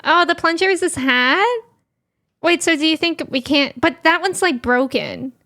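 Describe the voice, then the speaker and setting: A woman's voice: high voice, big pitch swings, moderate pace, pushed and bright. A young woman streaming a game, giggling and reacting aloud in casual chat. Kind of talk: casual live-stream commentary.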